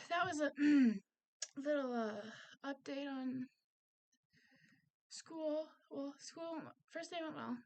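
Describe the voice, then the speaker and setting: A woman's voice: high-pitched, slow, a little mellow. A woman talking candidly in a personal vlog, earnest and confiding, often trailing off with fillers. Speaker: vlogger. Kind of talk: personal vlog, candid talk about mental health.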